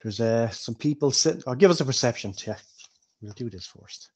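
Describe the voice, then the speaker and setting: A man running a tabletop game as game master, narrating in a relaxed, rambling way. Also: mid-range voice, normal speed. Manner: relaxed, rambling with fillers like "kinda".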